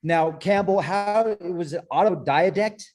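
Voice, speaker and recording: A man's voice: sits high, a little slow, darkish tone. A man hosting a live stream, upbeat and promotional, joking with his guests. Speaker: show host.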